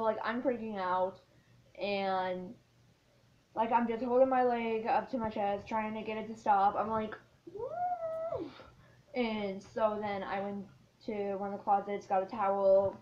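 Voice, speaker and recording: A teenage girl telling a story in a casual vlog, rambling with lots of filler words. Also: a little high. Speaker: vlogger. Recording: dull lo-fi sound.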